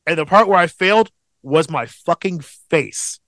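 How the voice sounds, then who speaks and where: A man's voice: a little high, normal speed, no room sound. A man in his thirties co-hosting a podcast, telling a family story casually and swearing freely. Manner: animated storytelling, swears a lot. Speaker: podcast co-host. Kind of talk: casual chat.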